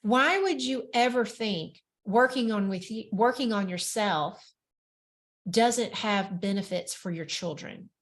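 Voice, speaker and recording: A woman's voice: medium pitch, lively intonation, slow pace. A woman hosting a solo coaching podcast, talking frankly and emphatically and acting out inner voices. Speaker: podcast host and weight-loss coach.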